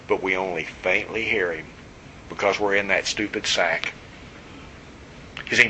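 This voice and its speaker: Male pastor, sermon, conversational, teasing, clear bright tone, faint background noise. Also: on the low side, normal speed, low-quality recording. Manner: conversational, teasing, animated storytelling; asks the congregation questions.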